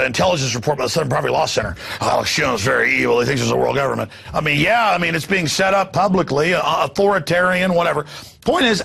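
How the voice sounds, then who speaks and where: A man hosting a news commentary show, ranting in a sarcastic, mocking way and jumping between loud bursts and low asides. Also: gravelly, slightly rough. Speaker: host.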